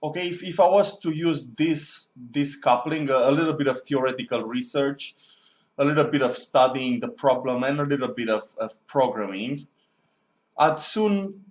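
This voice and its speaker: A man talking in a casual, rambling monologue as a student, musing and often correcting himself. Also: medium pitch. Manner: musing, digressive, self-correcting. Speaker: student vlogger. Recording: echoey room.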